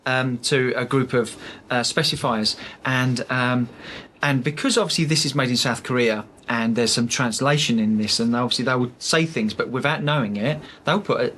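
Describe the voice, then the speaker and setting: A man talks as a podcast guest, chatty and full of stories, with lots of "um"s and false starts as he explains a product he sells. His voice sits at a middle pitch. A faint hiss sits under the recording. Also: moderate pace, a bit bright. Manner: chatty storyteller, many fillers and restarts. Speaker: sales rep for architectural film, podcast guest. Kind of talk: casual podcast interview.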